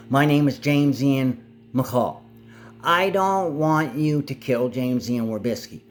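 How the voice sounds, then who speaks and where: A man of middling pitch talks straight to camera in a long, rambling monologue. He is agitated and keeps addressing family members who are not there, slipping in and out of anger. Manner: speaks to absent family members. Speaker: vlogger.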